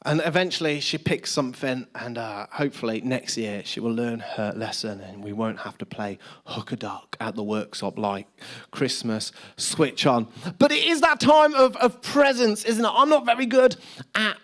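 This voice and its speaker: Chatty pastor telling jokes. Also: male voice, mid-range voice, normal speed. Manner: chatty, self-deprecating storytelling. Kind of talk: sermon with humorous anecdotes. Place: church service with live audience.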